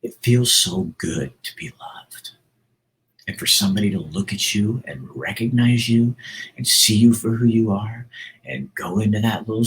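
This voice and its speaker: A man's voice: lowish voice, vocal fry, a bit bright, low-quality recording. A middle-aged man hosting a casual monologue, talking earnestly and rambling, with frequent restarts. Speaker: host.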